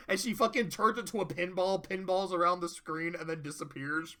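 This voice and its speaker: Bright-voiced man swearing through excited reviews. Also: high voice, fairly quick, few pauses. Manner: excitable, swears freely, laughs often. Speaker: tier list reviewer. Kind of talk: casual review commentary.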